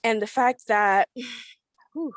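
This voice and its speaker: A woman's voice: mid-range voice, animated, normal speed, dry recording. Angry teenage girl on a dry call. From Florida, USA. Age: teens. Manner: angry, confrontational, blunt, swears. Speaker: public commenter at a school board meeting. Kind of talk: impassioned public comment.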